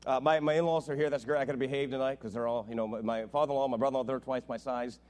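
A middle-aged man preaching as a visiting pastor, telling jokes and family stories in an animated way. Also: mid-range voice, racing. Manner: joking, animated storytelling. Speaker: guest preacher. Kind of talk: sermon.

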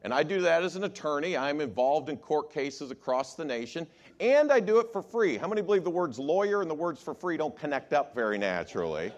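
A man's voice: a little high, brisk. A man who preaches as an attorney, often polling his listeners with "how many believe" questions. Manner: animated, asks the crowd show-of-hands questions. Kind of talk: sermon to a congregation.

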